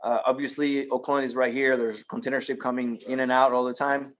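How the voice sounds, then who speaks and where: A Frenchman with a French accent, a guest speaker in a yacht club meeting room, answers audience questions after his presentation. His mid-range voice is flat and fairly quick, and the recording's highs are cut off. He explains things practically, step by step, with frequent ums and restarts.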